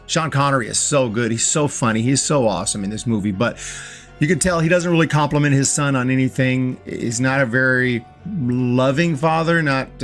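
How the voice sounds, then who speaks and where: Excitable man reviewing a film. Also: mid-range voice. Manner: enthusiastic, restarts and repeats words often. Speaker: movie reviewer. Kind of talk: casual movie review.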